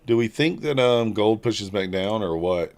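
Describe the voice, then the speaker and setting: A man casually talking through his own trades on a live stream, low-key and muttering his thoughts aloud. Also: expressive, unhurried. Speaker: livestream futures trader.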